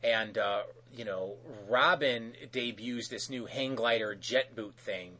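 A man's voice: medium pitch, slow pace, bright, forceful tone. A man casually recapping a cartoon episode as podcast host, rambling with many fillers.

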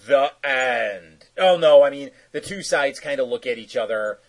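A male podcast co-host with an expressive, mid-range voice casually recaps an episode at normal speed with few pauses. He rambles and jokes, using lots of fillers, and the recording is rough.

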